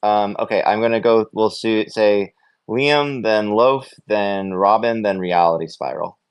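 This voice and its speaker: A man's voice: lowish voice, measured pace. Laid-back man hosting a call. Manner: laid-back, jokey, swears casually. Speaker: host of weekly stand-up. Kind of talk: casual group voice call.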